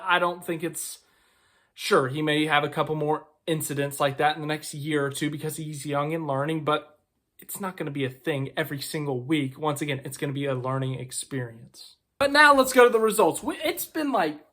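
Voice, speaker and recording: A man's voice: a little high, a bit bright. A man giving casual, opinionated racing commentary to camera, talking in a loose conversational way with asides.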